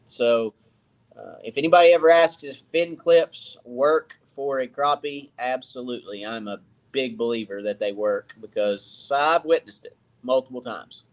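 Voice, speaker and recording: A man's voice: medium pitch, unhurried. Easygoing man chatting on a live stream. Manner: rambling, easygoing, greets viewers by name. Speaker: fishing channel host. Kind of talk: casual live-stream chat. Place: cluttered home workshop.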